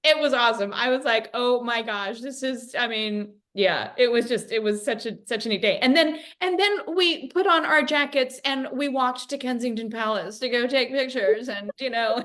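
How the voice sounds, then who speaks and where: A woman co-hosting a casual chat, telling a story in an animated way and acting out the voices of people she quotes. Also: fairly high pitch, moderate pace. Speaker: co-host. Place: home, on a video call.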